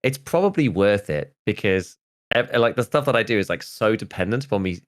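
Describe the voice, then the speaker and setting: A man's voice: on the low side, animated, fairly quick. A man in his thirties, a podcast host chatting casually and rambling, with lots of "like" and restarts. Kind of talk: casual chat.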